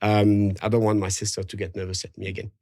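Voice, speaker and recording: A man's voice: on the low side, completely flat delivery, fast, dark tone. A man from Belgium with a French accent, native French speaker, talking as a podcast guest, hesitant with many fillers and restarts. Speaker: guest, mining assistant general manager. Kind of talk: casual podcast interview.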